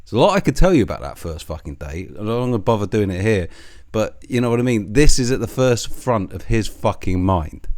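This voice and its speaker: A man's voice: fairly low pitch, very animated, a little fast, a little mellow. A man delivering a profane, scornful, sarcastic political commentary rant. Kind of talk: ranting commentary.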